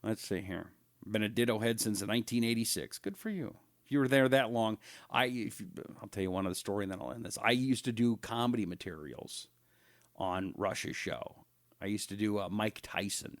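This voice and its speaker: A man's voice: on the low side, normal speed, no room sound, clean studio sound. A middle-aged man hosting a live talk show, telling anecdotes in a chatty way and reading viewer comments aloud. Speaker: radio talk show host.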